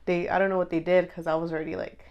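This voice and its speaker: A young woman co-hosting a podcast, talking candidly in a casual chat, full of "like" fillers and quick quoted asides. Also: on the low side, little pitch movement, highs cut off. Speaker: podcast co-host.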